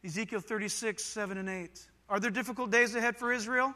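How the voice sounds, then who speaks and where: Speaking fast with a voice that sits high, this middle-aged pastor from Southern California preaches a lively, conversational sermon. He swings between loud bursts and quiet asides, and the audio sounds like a big room.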